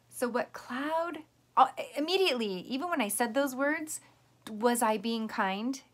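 A woman teacher giving a patient, gentle lesson to young children, explaining step by step. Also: fairly high pitch, animated, slow, long pauses.

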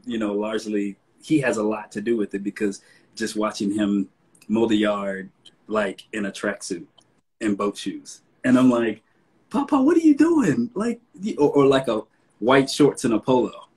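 A man from the American South hosts a relaxed sit-down conversation. His voice is fairly low and a little husky, with a soft Southern accent. He sounds chatty and easygoing, and he livens up whenever he quotes himself. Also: normal speed, poor audio. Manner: relaxed, conversational, animated when quoting himself. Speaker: host. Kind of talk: casual interview.

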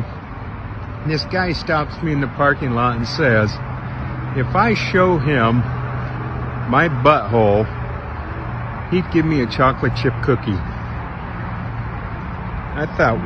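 A man's voice: medium pitch, lo-fi sound. Indignant man in a noisy parking lot. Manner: indignant, folksy. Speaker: video poster. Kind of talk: casual storytelling to camera. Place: outdoors in a hotel parking lot.

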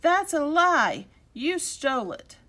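A woman voicing two excitable young boys in a storybook read-aloud. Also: high voice, normal speed, creaky, voice pushed up, exaggerated voice. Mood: excited.

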